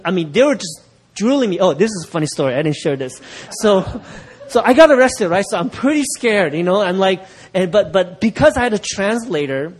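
A middle-aged male pastor tells a story from the pulpit with a slightly higher-than-usual voice. He acts out the people he quotes and laughs along with his listeners. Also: slightly rough. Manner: animated, laughing while acting out quoted voices. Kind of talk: sermon storytelling.

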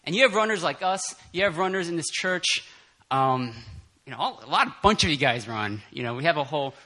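Male preacher, casual sermon, somewhat high voice, bright tone, animated, laughs a lot, lots of fillers. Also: a little fast. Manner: animated, laughs often, many fillers and restarts. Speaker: preacher at a prayer meeting. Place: church meeting room.

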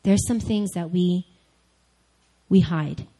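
Animated young woman telling a sermon story. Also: lowish voice, takes it slowly, poor audio. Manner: animated storyteller, addresses listeners directly. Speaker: speaker at a church group meeting.

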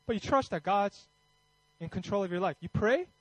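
A man's voice: sits high, expressive, moderate pace, no echo, low-quality recording. A man preaching a Christmas sermon in a conversational way, then leading a fervent prayer. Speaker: pastor.

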